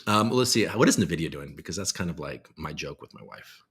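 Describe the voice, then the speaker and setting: A man's voice: extremely low pitch, very animated, fairly quick, vocal fry, a bit bright, breathy edge. A man hosting a casual live stream, reading headlines aloud and reacting with profane, rambling commentary. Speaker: crypto show host.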